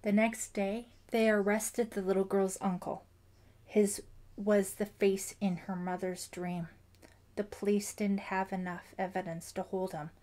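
A distraught middle-aged father in an audiobook, protective and grieving, as read by a woman narrator. He speaks emphatically and slowly, with a pained, pleading weight. His pitch sits mid-range. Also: flat delivery, warm tone, lightly acted. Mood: anguished.

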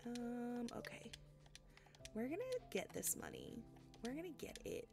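A young adult woman streaming cozy games, chatting casually and gushing excitably, with plenty of ums. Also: on the high side, a little slow, vocal fry. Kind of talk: casual live-stream chat. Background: faint lo-fi music.

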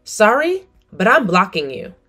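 Casting: a middle-aged woman, cold and firm, animated pitch, faint music behind. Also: moderate pace. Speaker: narrator and mother. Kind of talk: scripted story narration.

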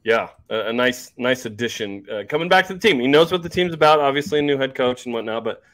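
A man's voice: medium pitch, fast. A man hosting a sports podcast, chatting casually and joking with plenty of fillers. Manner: relaxed, joking, frequent fillers. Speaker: podcast host.

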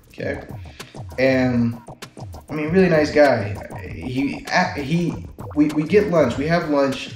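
A man speaking in a loose, conversational way, full of fillers and false starts as he tells a story to his camera. His voice sits at a middling pitch and bounces around a roomy, echoey space. Faint music plays underneath. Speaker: vlogger.

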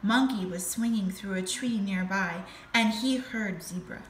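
A woman teacher reading a storybook aloud to her class, slow and expressive. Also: mid-range voice. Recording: echoey room with faint noise.

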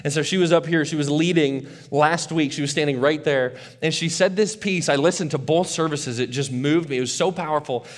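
Animated conversational male pastor. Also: on the high side. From not from West Michigan. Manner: conversational, animated, repeats words when restarting. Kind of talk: sermon. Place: church auditorium.

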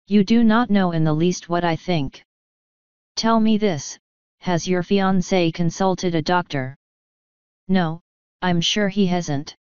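A woman narrates a mystery audiobook at an unhurried pace, her voice lowish and remarkably smooth and clear. The recording is dry and close, with a slightly muffled, lo-fi tone. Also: a little mellow, no room sound. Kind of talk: scripted narration.

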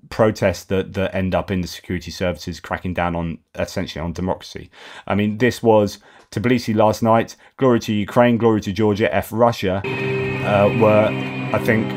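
Brief: English man, slightly low voice, casual host commentary, hesitant with restarts. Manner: hesitant, with frequent fillers and restarts over names. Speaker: host of a daily news update show. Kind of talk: unscripted news commentary read from reports.

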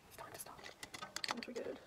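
A young woman chatting playfully with a friend over makeup, often breaking into loud exclamations. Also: fast. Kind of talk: casual chat while doing makeup. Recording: noisy recording, a bit far from the mic.

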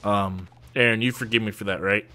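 A young man giving excited, laughing commentary while playing a game with a friend. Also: on the low side, fairly quick. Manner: shouting, laughing, hyped. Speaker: gaming YouTuber.

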